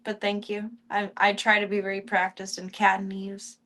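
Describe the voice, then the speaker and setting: A woman's voice: medium pitch, completely flat delivery, normal speed. Chatty woman streamer at home. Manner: chatty, talks softly to her cats. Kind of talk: casual live-stream chat.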